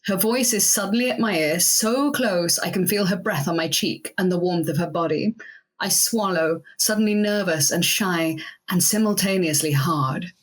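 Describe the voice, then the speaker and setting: A woman's voice: lowish voice, normal speed. A woman co-hosting a podcast, chatting casually and reading a story aloud in a playful way. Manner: playful, laughs between readings. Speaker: podcast co-host.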